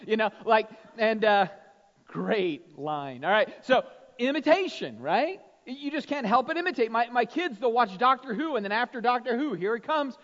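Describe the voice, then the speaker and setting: A man delivers a sermon with a notably high pitch, talking conversationally to his congregation. He keeps adding "right?" to draw the room in. The sound is dull and lo-fi, and it echoes in a large hall. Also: expressive, normal speed, a bit bright. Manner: conversational, frequent "right?" tag questions. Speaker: pastor. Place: church sanctuary.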